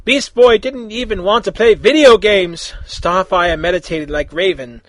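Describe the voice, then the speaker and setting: Brief: casual fan fiction reader, high voice, dry close sound. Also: male voice, a little slow, a bit bright, no room sound, rough recording. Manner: casual, chatty asides. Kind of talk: reading fan fiction aloud.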